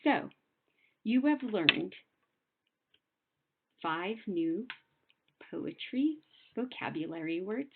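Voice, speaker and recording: A young adult woman teacher explaining poetry to children in a patient, sing-song way, slowing down to sound out words. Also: medium pitch, expressive, gravelly, very noisy. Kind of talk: recorded classroom lesson. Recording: phone-like narrow sound.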